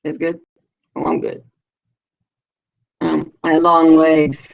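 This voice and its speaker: A woman's voice: low voice, big pitch swings, slow, gravelly, pauses often. A middle-aged woman hosting a live stream, chatting in a slangy, rambling way with lots of fillers and casual swearing. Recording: dull lo-fi live-stream audio.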